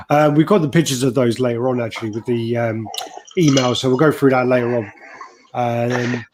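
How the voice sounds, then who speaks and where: A man's voice: medium pitch, fairly even intonation, moderate pace, a little mellow, slight background noise. A man co-hosting a casual live chat, rambling and swearing as he reads out viewer comments. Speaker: livestream co-host.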